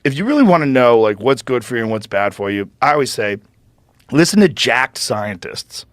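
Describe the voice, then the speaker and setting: A man's voice: mid-range voice, sing-song, moderate pace, dry recording, clean studio sound. A man talking casually on a podcast, loose and chatty with fillers. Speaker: podcast host.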